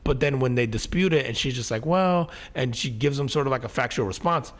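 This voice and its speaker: Profane, animated man in casual chat. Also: medium pitch, brisk. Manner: animated, profane, acts out quotes. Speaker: podcast co-host.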